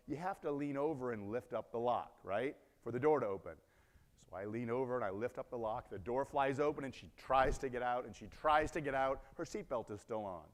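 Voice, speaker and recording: A man with a mid-range voice, talking a little fast, gives a keynote in a large conference hall. He tells a story animatedly, acting out the scenes and asking the audience questions, and the recording has long reverb.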